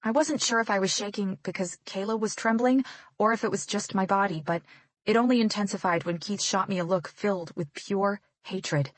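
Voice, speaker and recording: A woman's voice: medium pitch, a little fast, dry recording. Woman narrating a tense audiobook. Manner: tense, dramatic reading. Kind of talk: first-person romance audiobook narration.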